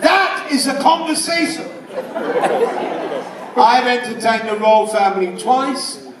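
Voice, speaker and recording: A man with an English accent doing a stand-up comedy routine, firing off one-liners in a loud, punchy delivery. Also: very high voice, expressive, slow pace. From England. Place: casino show room before a live audience. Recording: roomy live hall, mic at a distance, crowd and noise. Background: audience laughter.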